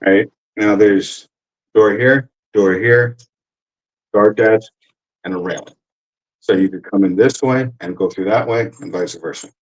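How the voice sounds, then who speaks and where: A man's voice: on the low side, unhurried, long pauses, low-quality recording. A man in his forties, an army veteran telling a casual, rambling story full of cursing and fillers. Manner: rambling, profane, with many fillers.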